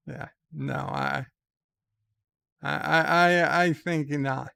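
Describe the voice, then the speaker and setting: Middle-aged man hosting a stream, unhurried, clear and gravelly, wry and rambling. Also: fairly high pitch, steady tone, pushed and bright, no echo. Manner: wry, rambling, stammers on restarts. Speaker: livestream host. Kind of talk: casual stream chat, reading viewer letters.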